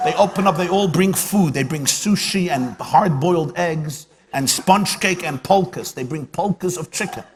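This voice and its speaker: A man's voice: fairly high pitch, normal speed, few pauses. A man, a rabbi, giving a humorous lecture at a dinner, with punchy comic timing and lines repeated for effect. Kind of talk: humorous speech with jokes and stories. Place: banquet hall at a dinner event. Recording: live hall recording with long reverb and faint room noise.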